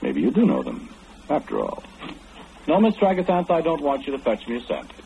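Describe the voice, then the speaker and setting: An actor playing a calm, wry clairvoyant man who knows everything, in 1940s radio acting. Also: mid-range voice, creaky, lo-fi sound, slight background noise. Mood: knowing. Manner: knowing, unhurried, gently mocking.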